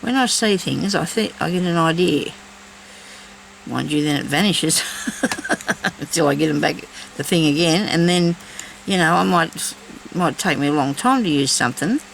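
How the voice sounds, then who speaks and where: A woman's voice: low-pitched, lively intonation, moderate pace, gravelly, a bit bright, a little hiss or hum, low-quality recording. A woman chatting casually while she crafts, thinking aloud and talking to herself as she works. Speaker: crafting vlogger.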